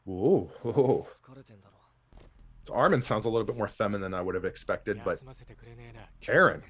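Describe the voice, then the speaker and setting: A man's voice: fairly low pitch, moderate pace, breathy edge, dull audio. A man thinking aloud and laughing often as he reacts to a show he is watching for the first time. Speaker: anime reaction host. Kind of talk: casual reaction commentary.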